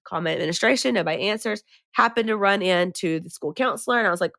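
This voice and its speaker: Woman podcast co-host, animated storyteller, crisp bright tone, dry sound. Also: mid-range voice, fast, no echo. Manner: animated, dramatic retelling with rising emphasis. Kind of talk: casual storytelling chat.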